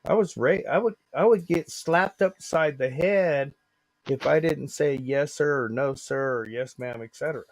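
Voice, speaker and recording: A man's voice: a little high, moderate pace, dry recording. Folksy man telling a story. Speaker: panel guest. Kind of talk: casual livestream chat.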